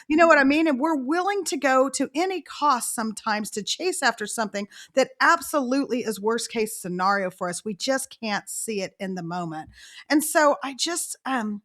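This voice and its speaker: A middle-aged woman, an author guest telling animated stories and acting out quotes. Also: high-pitched, moderate pace. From Texas. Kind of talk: storytelling interview.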